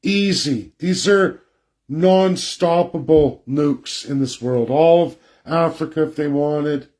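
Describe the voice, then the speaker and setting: A man talks through a slide presentation at an unhurried pace. He is blunt and combative and drives his points home by repeating them. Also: a little high, darkish tone. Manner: blunt, combative, repetitive emphasis.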